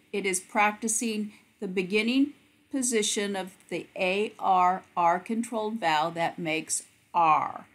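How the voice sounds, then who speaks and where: Slow, deliberate woman teaching phonics. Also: fairly low pitch, a bit bright. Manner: slow, deliberate, stretches out sounds. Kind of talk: phonics lesson for parents.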